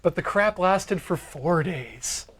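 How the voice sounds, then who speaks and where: A man's voice: sits high, animated, slow, fairly bright tone, husky. Playful man co-hosting a stream. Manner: playful, laughing asides. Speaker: stream co-host. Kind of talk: casual chat on a live stream.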